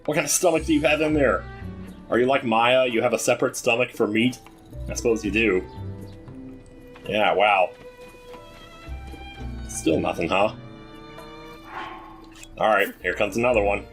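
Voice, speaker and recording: A man with a fairly low voice talks his way through a video game in a loose, joking manner, often addressing the characters on screen. Soft game music plays underneath. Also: a little slow, pauses often. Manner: chatty, jokey, talks to the game's characters. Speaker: gameplay commentator. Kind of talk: casual let's-play commentary.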